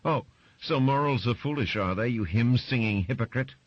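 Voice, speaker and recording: A man voicing a shrill, bitter middle-aged mother who accuses everyone around her, in a dry, slightly muffled recording. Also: moderate pace, dry recording, close to an everyday voice. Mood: accusing.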